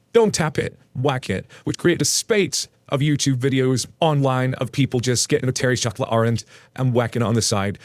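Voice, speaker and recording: A man's voice: medium pitch, no echo. A British man casually reading out and joking about online posts, chatty and laughing often. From United Kingdom. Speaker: reddit story reader.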